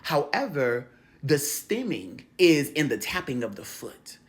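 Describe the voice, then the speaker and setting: Profane, animated spiritual coach. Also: medium pitch, measured pace. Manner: profane, animated and laughing, slangy street talk; tells stories acting out quoted voices. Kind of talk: casual spiritual coaching talk.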